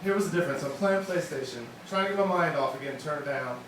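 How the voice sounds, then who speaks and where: A man's voice: on the high side, quick pace. A young man performing a rambling, self-deprecating stand-up set at an open mic in a wine bar. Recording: echoey room, distant mic, bar noise.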